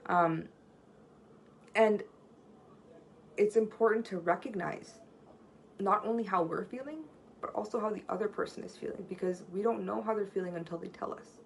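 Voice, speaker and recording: A woman's voice: mid-range voice, normal speed, creaky, pauses often, a little hiss or hum, rough recording. A woman giving a conversational seminar on communication, telling stories earnestly from home and often checking in with "right?". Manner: earnest, storytelling, frequent "right?" tag questions. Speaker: workshop presenter on communication. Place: at home near a street.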